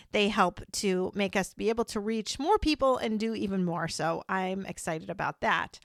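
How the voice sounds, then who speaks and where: A woman's voice: medium pitch, vocal fry, fairly bright tone, dry recording, clean studio sound. A middle-aged woman hosting an interview podcast, chatty and upbeat as she talks with guests. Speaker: podcast host.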